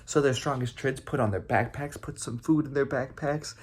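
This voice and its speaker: A young adult man, a camp counselor, telling a campfire story with sound effects and shouts. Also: mid-range voice, moderate pace, husky.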